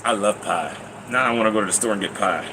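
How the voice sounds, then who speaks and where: A man chatting casually on a live stream, rambling and excitable, often laughing. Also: lowish voice, quick pace, background noise.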